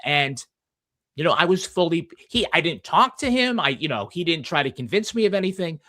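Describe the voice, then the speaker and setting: Boston-accented man, somewhat high voice. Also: very animated, fairly quick, bright, forceful tone, dry recording. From Massachusetts. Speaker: guest author. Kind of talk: casual podcast conversation.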